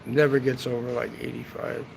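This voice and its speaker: A man's voice: medium pitch, flat delivery, fairly quick, gravelly, background noise. A man chatting casually on a travel livestream from a hotel rooftop, rambling and swearing, ending his sentences with "man". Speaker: travel vlogger. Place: hotel rooftop seating area, outdoors.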